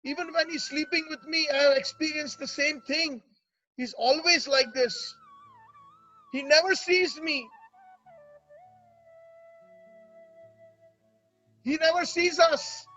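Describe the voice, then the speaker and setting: A man voicing grieving royal queens in a soft, choked voice. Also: very high-pitched, unhurried, lo-fi sound, soft background music, voice pushed up, heavily acted. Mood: complaining. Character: grieving royal queens, adult women, lamenting.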